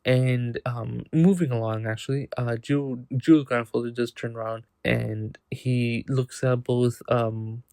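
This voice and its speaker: A man's voice: medium pitch, fairly even intonation, measured pace, vocal fry, hardly any pauses, darkish tone, clear, resonant tone, no echo. A man reviewing a manga chapter in a loose, chatty way, full of "like" and "um". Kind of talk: casual chapter recap.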